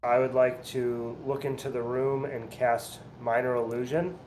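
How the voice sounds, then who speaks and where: A man at a tabletop game, mid-pitched and relaxed, stating his moves matter-of-factly. A faint hiss sits under his voice. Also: a little slow. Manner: plain, easygoing, declares actions matter-of-factly. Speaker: player. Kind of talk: casual tabletop play.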